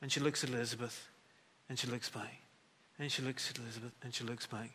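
A man preaching a sermon, telling a story with acted-out dialogue and moving between hushed and emphatic delivery. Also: mid-range voice, little pitch movement, brisk, long pauses, breathy edge.

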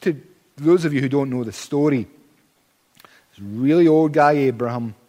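A man's voice: mid-range voice, moderate pace, warm tone, in a large hall. A man preaching a sermon in church, emphatic, with dry humorous asides.

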